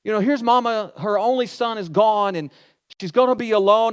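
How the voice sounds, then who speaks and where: A man with a high voice preaches a sermon. He talks to the room in a chatty way, with rhetorical questions and quotes that he acts out. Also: fairly quick, clean tone. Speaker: pastor.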